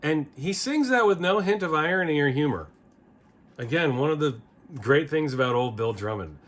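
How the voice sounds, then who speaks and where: A man's voice: fairly high pitch, lively intonation, normal speed, fairly bright tone. A man hosting a casual record-review video, rambling and opinionated, often restarting his sentences. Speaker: music video host.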